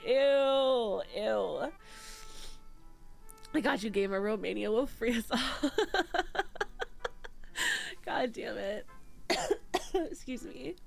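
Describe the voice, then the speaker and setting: A woman's voice: a little high, animated, takes it slowly, creaky, long pauses, soft background music. A young woman streaming from home and chatting with her viewers, tearful and close to crying, swearing freely as she reads and answers chat at a desk microphone. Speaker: VTuber streamer. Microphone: desk microphone with headphones.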